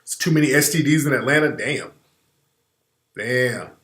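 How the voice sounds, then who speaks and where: A man telling profane comic stories in a loud, riffing podcast chat. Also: mid-range voice, moderate pace. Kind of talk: comedic storytelling on a podcast. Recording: roomy studio echo.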